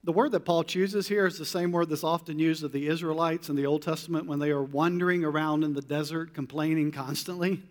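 A man preaching a sermon as a pastor, animated, with incredulous rhetorical questions. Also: a little high, fairly quick, few pauses, in a large hall.

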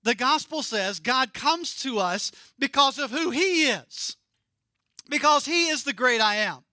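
A man preaching a sermon, emphatic and repeating key phrases, sometimes dropping very soft for emphasis. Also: very high voice, lively intonation, measured pace, no echo, studio quality. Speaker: pastor.

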